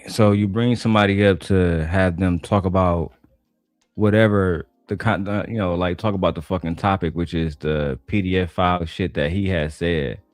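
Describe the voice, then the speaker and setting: A man from Detroit is streaming and reacting, talking bluntly and swearing often. His voice is deep and sounds close and dry. Faint music sits far behind him. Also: fairly even intonation, moderate pace, no room sound. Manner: blunt, profane, ranting.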